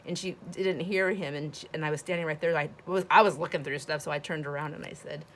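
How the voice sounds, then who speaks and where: Low-voiced chatty woman crafter. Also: steady tone, fast. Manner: chatty and rambling, with many fillers. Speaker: craft channel host. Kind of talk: casual crafting tutorial chat.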